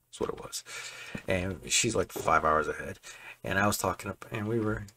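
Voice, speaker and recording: A man's voice: low-pitched, moderate pace, sharp tone, slight background noise. A man chatting casually while building in a game, rambling and correcting himself as he goes. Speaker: Minecraft building creator. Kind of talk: casual gameplay commentary. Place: home room.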